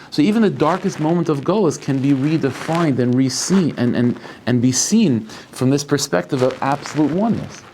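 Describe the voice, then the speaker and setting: A male rabbi giving a Torah lecture. He talks in halting bursts, restarting and repeating words as he thinks aloud. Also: mid-range voice, a little mellow, a little hiss or hum.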